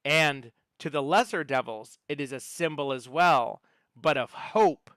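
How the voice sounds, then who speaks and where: Game master, male, smooth, dry close sound, chatty lore-teller with ums. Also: a little high, unhurried, a bit bright, no room sound. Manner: storytelling with many fillers and restarts. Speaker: dungeon master. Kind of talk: narrating a tabletop game.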